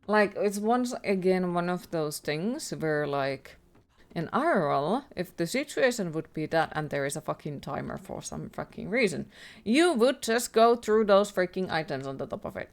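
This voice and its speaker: A woman's voice: on the low side, big pitch swings, normal speed. A woman livestreaming a horror game, ranting with heavy profanity and exasperation in casual live commentary.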